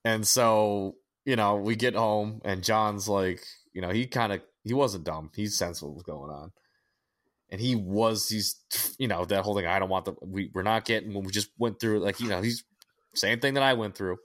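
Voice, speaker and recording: Young guy on a podcast, kinda low voice, cusses a lot, jumps around telling a story. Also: moderate pace. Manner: profane, animated storyteller with many restarts. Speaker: podcast co-host. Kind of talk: casual chat, storytelling.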